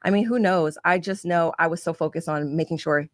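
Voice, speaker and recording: A woman being interviewed, quickly and earnestly retelling what happened to her. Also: on the low side, dry recording, clean studio sound. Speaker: interview guest. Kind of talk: recounting in an interview clip.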